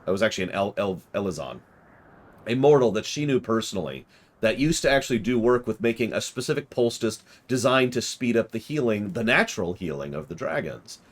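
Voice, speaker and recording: A man streaming a game, chatting casually and retelling scenes with quick mock voices and exasperated outbursts. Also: on the low side, big pitch swings. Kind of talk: casual let's-play commentary.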